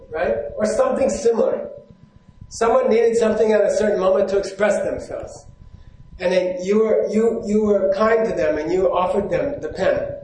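Brief: male Buddhist teacher, higher-pitched voice, keeps quizzing the room, heavy hall echo. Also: a little mellow, far from the mic. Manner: keeps checking in with the audience, asking questions. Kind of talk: live teaching talk to an audience. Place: hall with a stage. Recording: very echoey hall.

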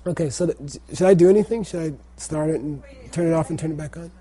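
Mellow-voiced man teaching a class. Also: a little high, fast talker, slightly rough. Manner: patient, repeats words for students to echo. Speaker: language teacher. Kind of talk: classroom pronunciation drill.

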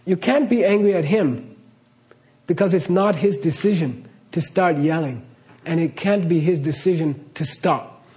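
A middle-aged man with a slightly higher voice explains ideas in a loose, chatty way. He laughs easily and keeps checking in with his listeners. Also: unhurried, a little mellow. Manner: chatty, laughs often, keeps asking "okay?". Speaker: teacher of karma ideas. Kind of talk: casual spoken teaching talk.

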